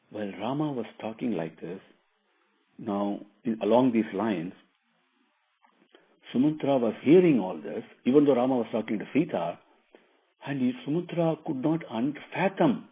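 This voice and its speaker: Husky man giving a scripture discourse. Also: medium pitch. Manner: admiring, explanatory, with many fillers. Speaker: spiritual storyteller. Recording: narrow phone-like audio.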